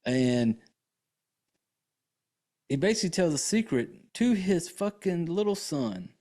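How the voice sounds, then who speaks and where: A man's voice: a little high, big pitch swings, slow, mellow. A man hosting a podcast, casually recapping a movie in a loose, profane, rambling way full of fillers. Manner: laid-back, chatty, full of fillers. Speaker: podcast host.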